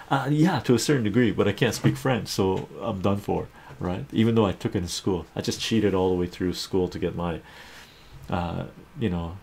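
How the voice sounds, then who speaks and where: A man's voice: low-pitched, gravelly, a little mellow, a little hiss or hum. A man hosting a casual live stream, chatting with his viewers, laughing often and reading their comments aloud.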